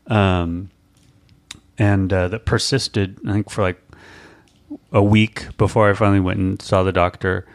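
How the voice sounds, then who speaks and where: A low-pitched man with a gravelly, fry-laden voice, sharing a story on a podcast. He rambles and stalls, with plenty of "um"s and false starts. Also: little pitch movement. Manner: rambling, halting, many fillers and restarts. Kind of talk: casual podcast chat.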